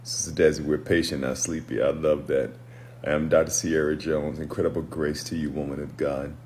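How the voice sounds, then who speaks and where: Very deep-voiced pastor teaching on a livestream. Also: male voice, level tone, darkish tone, a little hiss or hum. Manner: reflective, measured, greets viewers by name between thoughts. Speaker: pastor and deliverance minister. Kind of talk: late-night livestream teaching.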